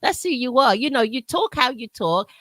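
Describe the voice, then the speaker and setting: A woman's voice: a little high, expressive, moderate pace, dry recording. A woman from the UK with a South London accent, hosting a casual radio interview and gushing with praise for her guest. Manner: warm gushing praise, frequent laughter. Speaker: radio host.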